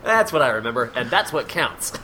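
A playful man hosting a casual podcast, his pitch swooping widely as he jokes and laughs. He slips into silly put-on voices mid-sentence, over a faint room ambience. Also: big pitch swings, brisk, sharp tone, slight background noise. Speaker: podcast host. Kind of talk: casual chat.

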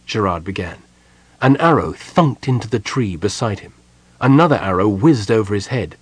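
Male storyteller, low voice, husky tone, dry close sound. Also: animated, dry recording. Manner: measured storytelling delivery. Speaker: audiobook narrator. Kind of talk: scripted narration.

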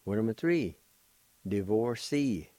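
A man's voice: lowish voice, expressive, takes it slowly, mellow, no echo, poor audio. An older man hosting a radio language lesson, patiently spelling words letter by letter and repeating each pronunciation. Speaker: radio host teaching language.

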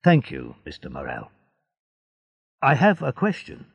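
A man's voice: medium pitch, wildly swooping pitch, a little slow, gravelly, breathy edge, no echo, highs cut off, full character voice. Man reading as an eager young sailor. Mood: earnest. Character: young male seaman, eager and polite.

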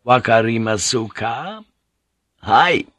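A man voicing a gruff, seasoned ship pilot who talks bluntly and teases with salty words in a storybook reading. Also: mid-range voice, animated, slow, a bit bright, dry recording. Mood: wry.

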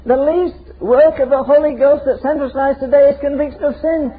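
A man's voice: extremely high pitch, fairly even intonation, moderate pace. An older man preaching a fiery, emphatic sermon full of rhetorical questions. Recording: tinny phone-like sermon recording.

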